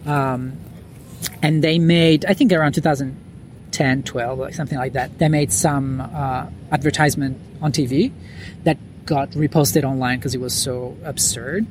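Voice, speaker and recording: A man's voice: mid-range voice, steady tone, normal speed, a little hiss or hum. A man as a podcast guest, talking casually with lots of fillers and restarts, recorded outdoors on a lawn at night. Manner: rambling, many fillers and restarts. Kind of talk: casual interview chat.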